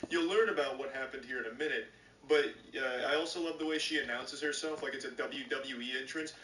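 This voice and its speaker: A man's voice: mid-range voice, brisk, sharp tone. A man streaming and reacting to videos, giving sarcastic, profane commentary. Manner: sarcastic, swears often. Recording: roomy, distant, noisy mic.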